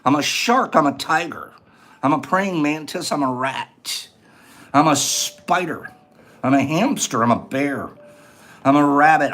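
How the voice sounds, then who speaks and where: A man's voice: fairly high pitch, moderate pace, a bit bright. A man hosting a casual livestream, explaining each step as he goes and reading viewers' answers aloud in a chatty way. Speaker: livestream host. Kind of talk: casual livestream chat and how-to.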